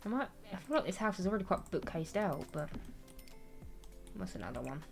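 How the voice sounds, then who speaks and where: A woman's voice: fairly low pitch, big pitch swings, brisk, creaky, soft background music. A young woman streaming, chatting casually and reading chat, rambling and laughing at herself. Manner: chatty, rambling, self-deprecating, laughs often. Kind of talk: casual chat while gaming, reading chat aloud.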